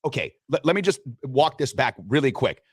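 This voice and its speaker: A man's voice: mid-range voice, animated, a little fast, slightly rough, no room sound. Joking male sports radio host. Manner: loose, joking, swears casually. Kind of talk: casual sports talk with live sponsor reads.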